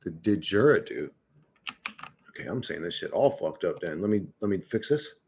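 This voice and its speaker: A man's voice: low voice, lively intonation, fast talker, mellow. A man chatting casually on a livestream, rambling and swearing, often restarting his words.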